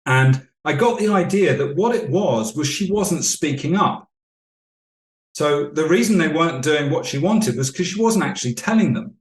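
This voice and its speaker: A man talking as a leadership coach guest on a podcast, explaining calmly and telling anecdotes. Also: on the high side, normal speed, roomy sound. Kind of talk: podcast interview storytelling.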